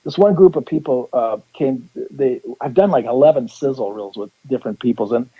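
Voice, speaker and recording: A man with a mid-range, breathy voice, talking a little fast, appears as a psychic on a radio program and spins a rambling tale, restarting sentences and acting out quotes. The recording has a lo-fi quality.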